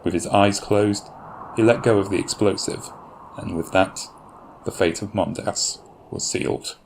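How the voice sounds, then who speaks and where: A man narrating a fan audio drama in a measured, grave storytelling manner. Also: on the low side, fairly even intonation, a little hiss or hum.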